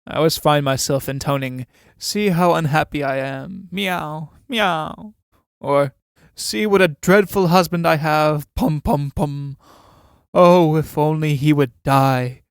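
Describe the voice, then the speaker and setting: A man reading the part of a sardonic aging army captain, dry and mocking, with a smooth, resonant voice on a dry close microphone. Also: mid-range voice, fairly even intonation, unhurried, pauses often, no echo, lightly acted.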